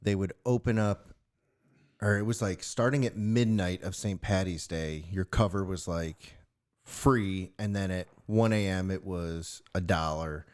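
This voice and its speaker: Rambling low-voiced man telling stories. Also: measured pace, darkish tone. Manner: rambling storyteller, lots of filler words. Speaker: podcast co-host. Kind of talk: casual chat over drinks.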